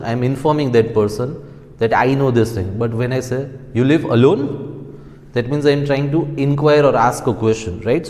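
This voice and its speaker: A man's voice: mid-range voice, a little mellow. A male school teacher explaining a chapter, often checking in with "right?". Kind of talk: classroom lesson explanation. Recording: long reverb.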